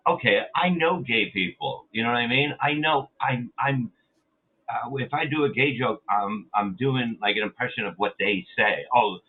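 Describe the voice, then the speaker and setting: Blunt, husky man on a tinny line. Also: medium pitch, moderate pace. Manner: rambling, blunt storytelling with swearing. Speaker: guest comedian. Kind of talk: casual podcast chat.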